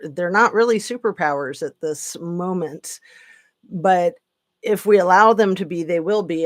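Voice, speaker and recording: A woman hosting a live stream, rambling and sarcastic with lots of fillers, tired late at night. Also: on the low side. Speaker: political commentary channel host. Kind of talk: casual live-stream commentary.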